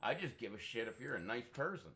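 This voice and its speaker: A young man talking loosely over a game stream, middling in pitch. He rambles through anecdotes, swears constantly and breaks into laughs. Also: fast. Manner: profane, laughs often, animated storytelling. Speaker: gaming streamer. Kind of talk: casual rambling chat.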